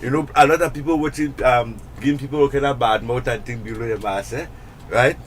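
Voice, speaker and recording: A man's voice: mid-range voice, a little fast, slight background noise. A man with a Tobagonian accent hosting a radio show in a studio, bantering casually with a co-host. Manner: chatty, jokey, loose with restarts.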